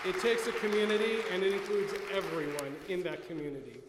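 A man with a high voice acting as emcee, casual and chatty, ad-libbing as he goes. His voice bounces around a large, echoey hall. A long reverb and faint noise sit behind it. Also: lively intonation, brisk, crowd noise. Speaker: event emcee. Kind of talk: casual announcements.

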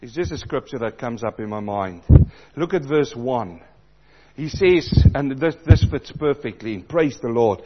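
A man preaching a sermon, swinging between loud emphatic passages and low, quiet asides. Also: animated, a little slow, highs cut off.

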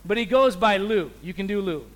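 A man preaching a sermon as pastor, telling animated stories and acting out the people in them. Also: high-pitched, a little fast. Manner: animated storyteller, acts out people's voices. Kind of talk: sermon with storytelling.

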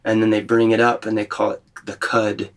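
A man leading a group retreat, teaching in a thoughtful, gently questioning way. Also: fairly low pitch, flat delivery, a little fast. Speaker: retreat leader. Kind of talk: reflective spiritual teaching.

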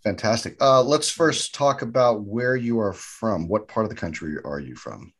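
A man's voice: on the low side, expressive, normal speed, breathy edge. A man co-hosting a podcast, upbeat and enthusiastic in casual chat. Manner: upbeat, enthusiastic, says fantastic a lot. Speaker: podcast co-host.

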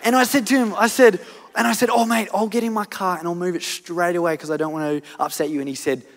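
Man, pastor, storytelling sermon, earnest, loud-to-hushed delivery, echoing church hall. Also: sits high, fairly even intonation, fast. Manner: earnest, retelling events with swings from loud to hushed. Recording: long church hall reverb.

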